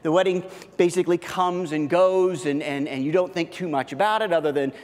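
A man's voice: on the high side, fairly quick, a little mellow. A man preaching a casual, conversational sermon as pastor, full of fillers and acted-out bits of everyday dialogue. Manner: informal, heavy on fillers, acts out everyday dialogue. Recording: long hall reverb in a church.

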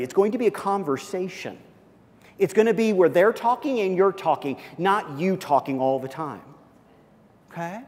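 Animated man preaching in a reverberant hall. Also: a little high. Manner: animated, acts out little dialogues, repeats words. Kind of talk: sermon.

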